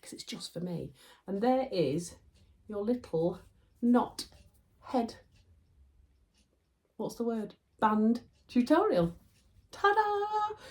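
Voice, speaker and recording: A woman's voice: lowish voice, a little mellow. A woman with a Yorkshire accent giving a chatty, laughing sewing tutorial from her home sewing room. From Yorkshire, England. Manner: chatty, self-deprecating, laughs often.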